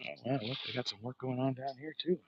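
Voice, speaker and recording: A man livestreams while walking outdoors by the water, chatting casually, a bit out of breath, cursing often and ranting in a rambling, profane way. His mid-range voice carries vocal fry, and the lo-fi sound picks up background noise.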